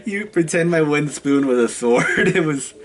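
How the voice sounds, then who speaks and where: A man in his twenties telling stories in a casual vlog, chatty and halting, often laughing between phrases. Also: on the high side, expressive. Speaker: vlogger.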